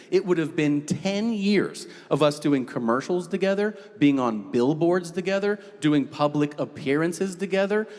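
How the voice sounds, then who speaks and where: A male stand-up comedian with a fairly high-pitched voice performs a lively set before a live audience in a hall, telling animated, profane stories punctuated by shouted impressions. The reverberant venue carries faint room noise.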